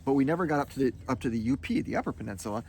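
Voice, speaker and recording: A man co-hosting a relaxed couples' chat at home, rambling and hesitant, with plenty of fillers. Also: medium pitch, rapid-fire, a little hiss or hum. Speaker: co-host of a couples' video. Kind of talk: casual chat.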